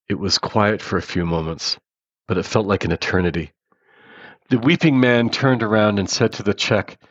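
A man reads a first-person story in an earnest, measured way, now and then restarting a word. His voice sits low. The recording is dull, dry and lo-fi. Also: fairly bright tone, no room sound. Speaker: narrator.

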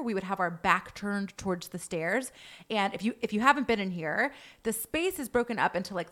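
Animated woman telling a story. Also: mid-range voice. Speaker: hair salon owner. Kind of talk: casual podcast chat.

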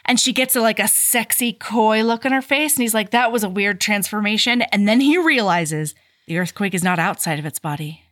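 A woman's voice: mid-range voice, expressive, brisk, fairly bright tone, no room sound, studio quality. A woman co-hosting a podcast, retelling a book's plot in casual, enthusiastic chat with frequent laughs. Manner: enthusiastic, laughs often, mock-dramatic retellings. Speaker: podcast co-host. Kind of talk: casual book recap chat.

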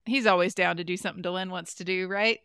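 A woman's voice: lowish voice, steady tone, quick pace, fairly bright tone, clean tone, dry recording, clean studio sound. A woman co-hosting a podcast, recapping an episode in casual chat and giggling often. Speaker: podcast co-host.

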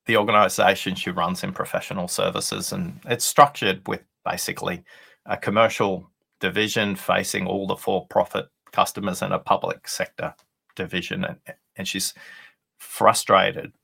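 A man being interviewed as a podcast guest, telling a workplace anecdote in a deliberate, conversational way with pauses for effect. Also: sits low, steady tone, vocal fry, sharp tone, breathy edge. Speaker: podcast guest, listening expert.

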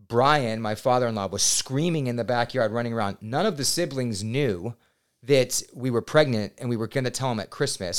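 A man in his thirties tells a personal story as a podcast guest, his voice smooth and resonant at a middle pitch. He talks casually and gets excitable, swearing now and then. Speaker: podcast guest, real estate agent.

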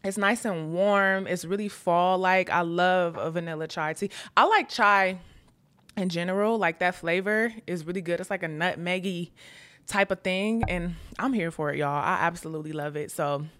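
A woman's voice: on the low side, moderate pace, fairly bright tone. A young woman, hosting her podcast in a casual, playful chat full of "y'all". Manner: chatty, playful, lots of "y'all" and "child". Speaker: podcast host. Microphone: camera framing, seated host.

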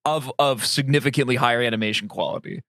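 A man's voice: mid-range voice, fast, sharp tone, no room sound. Rambling, profane man on a dry mic. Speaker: podcast co-host. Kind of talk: casual chat.

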